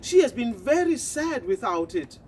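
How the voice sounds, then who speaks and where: A woman voicing a polite, brave male wild duck in a storybook tale, brisk and courteous. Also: fairly high pitch, very animated, a little mellow, a little hiss or hum, voice pushed up.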